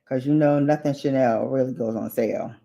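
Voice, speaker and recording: A woman's voice: rumbling low, fairly even intonation, a little fast, vocal fry, dark tone, muffled recording. A woman beauty vlogger chatting casually on a livestream while doing her makeup, reading out viewer comments and drifting onto tangents.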